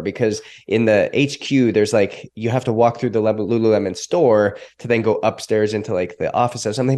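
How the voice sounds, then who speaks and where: Low-voiced guy on a podcast telling an emotional story, doing little voices for people. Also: moderate pace. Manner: emotional, animated storytelling with acted quotes. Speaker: podcast guest. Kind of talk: storytelling in an interview.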